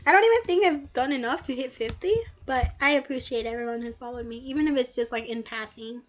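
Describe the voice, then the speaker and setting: A woman's voice: high voice, fairly quick. A young woman streamer chatting casually and bubbly while playing a game, with lots of filler words. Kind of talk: casual gameplay commentary.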